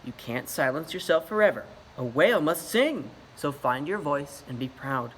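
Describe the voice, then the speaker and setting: Male reader doing a firm, loving narwhal mother, calm and coaxing, bright voice. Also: on the high side, normal speed, slight background noise, poor audio.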